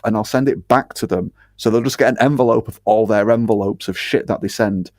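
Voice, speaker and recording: A man's voice: medium pitch, quick pace, few pauses, darkish tone, no room sound, clean studio sound. A man from the north of England with a Northern English accent, a guest ranting bluntly and swearing freely in casual podcast chat.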